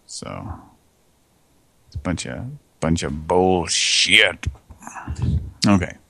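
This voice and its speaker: A man's voice: deep voice, animated, extremely slow, vocal fry, pushed and bright, husky, dry recording. A man hosting a prank call show, chatting casually in a loose, rambling way. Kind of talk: casual late-night chat.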